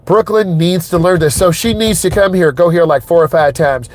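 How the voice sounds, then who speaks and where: Narrating a driving lesson from behind the wheel on city streets, a middle-aged instructor addresses viewers directly. His voice is a little high and his pace moderate, and he is emphatic, often repeating himself.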